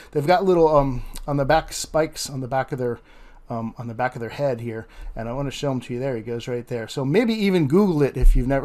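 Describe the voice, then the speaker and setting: Out on a beach, a man with a mid-range, darkish voice narrates his fishing vlog. He chats easily with viewers and laughs often.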